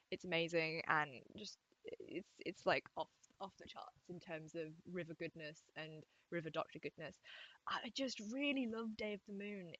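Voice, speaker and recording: A woman's voice: fairly low pitch, fairly bright tone, dry recording, muffled recording. A young woman answering fan questions in a casual vlog, rambling and self-deprecating, recorded at home. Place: home room at her desk.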